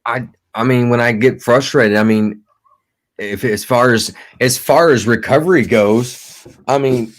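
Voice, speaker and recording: A man in his thirties in recovery, a guest talking candidly, halting and repeating words and swearing freely. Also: medium pitch. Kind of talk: candid conversation.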